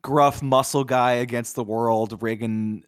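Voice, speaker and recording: A man's voice: mid-range voice, steady tone, unhurried, clear, resonant tone, dry recording, clean studio sound. A man co-hosting a podcast, reviewing films in a loose, chatty way with lots of filler words. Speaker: podcast co-host. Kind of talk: casual film review chat.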